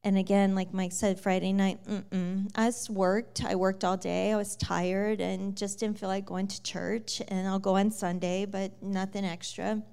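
Animated woman telling her testimony. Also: mid-range voice, measured pace, gravelly, few pauses, smooth. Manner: animated, laughs often, many fillers. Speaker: guest sharing her testimony. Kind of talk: personal testimony storytelling.

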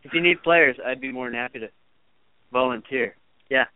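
A man's voice: mid-range voice, normal speed, crowd noise. A man hosting a casual interview, easygoing and chiming in with brief, friendly interjections. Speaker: podcast host. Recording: tinny phone line, dry.

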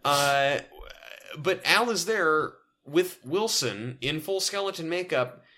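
A man co-hosting a podcast, recapping a sitcom episode in casual chat with a rambling, animated way of retelling scenes. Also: fairly high pitch, slow pace. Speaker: podcast co-host.

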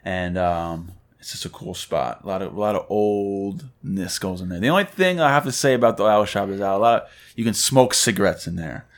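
A man's voice: low voice, lively intonation, brisk, few pauses. A man co-hosting a podcast in casual chat, trailing off in loose half-sentences. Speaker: podcast co-host.

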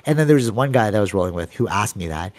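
A man in his thirties with a fairly low voice, talking fast and animated as he hosts a casual podcast. He leans on "like" and "you know" all the time and keeps the energy up while he shares his thoughts. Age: 30s. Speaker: podcast host.

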